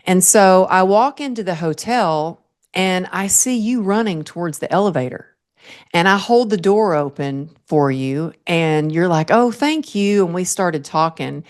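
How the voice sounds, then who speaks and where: A woman hosting a podcast interview, telling a story in an earnest, animated way and laughing often. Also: lowish voice, a little slow. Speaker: podcast host.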